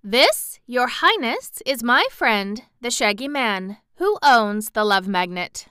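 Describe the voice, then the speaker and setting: A woman voicing an excitable young girl heroine in an audiobook, with high, eager exclamations. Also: slow, smooth, no room sound, clean studio sound, heavily acted. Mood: proud. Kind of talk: audiobook character reading.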